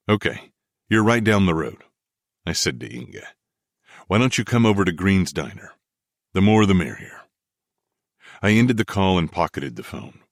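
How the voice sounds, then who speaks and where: A man narrating a first-person romance audiobook in a measured, expressive way. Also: low voice, no room sound, clean studio sound.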